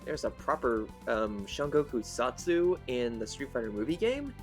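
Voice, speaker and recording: A man's voice: mid-range voice, big pitch swings, normal speed, faint music behind. A man co-hosting a casual gaming chat, rambling and thinking aloud. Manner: rambling, thinks aloud about game history. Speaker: co-host.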